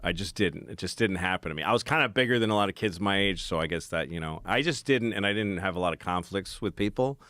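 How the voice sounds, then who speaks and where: A man's voice: low-pitched, animated, fast, few pauses, fairly bright tone, no echo. A man talking as a podcast guest, rambling and self-deprecating as he tells a story in casual chat. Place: podcast studio.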